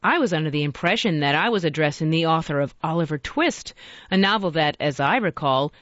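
Brief: woman as a composed Victorian gentleman, even and persuasive, lively pitch, muffled lo-fi sound. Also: no room sound.

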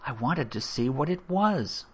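A man's voice: medium pitch, animated, a little slow, muffled recording, slight background noise, pitched above the performer's own voice, natural voice. A man voicing a polite, curious young boy in a read-aloud story. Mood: earnest.

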